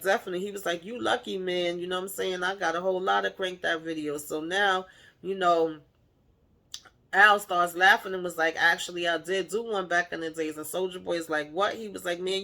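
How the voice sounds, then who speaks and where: A woman recapping a TV episode in casual chat, acting out the characters' lines with animated shifts in voice and laughing along. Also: fairly low pitch. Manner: animated retelling, playfully acts out the characters' lines; laughs while retelling. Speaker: TV show recapper.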